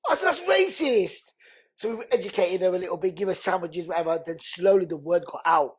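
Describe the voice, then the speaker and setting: A man, a guest on a podcast, telling his life story in an earnest, animated, conversational way. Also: sits high, fast, husky. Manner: animated, earnest, acts out quoted speech loudly.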